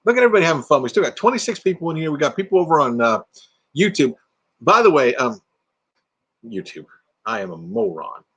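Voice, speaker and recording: A man's voice: fairly high pitch, big pitch swings, quick pace, long pauses, a bit bright, slightly rough. An older man hosting a casual livestream from home, chatting with viewers, reading their comments aloud and laughing often. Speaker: livestream host. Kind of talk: casual live chat with viewers. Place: home room with green screen.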